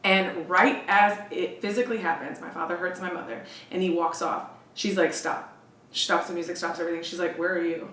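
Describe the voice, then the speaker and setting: A woman in her thirties, a podcast guest, telling a personal story in a candid, emotional way, often quoting others in a lowered voice. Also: fairly even intonation, fairly bright tone. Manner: emotional, intense, quick asides, quotes others in a lowered voice. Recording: roomy echo, distant from the mic, faint hiss.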